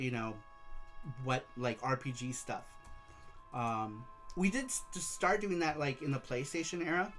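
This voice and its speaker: A man's voice: mid-range voice, fairly bright tone. Male host, casual stream chat, loose rambling delivery, faint music underneath. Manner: chatty, rambling, reads viewer messages aloud.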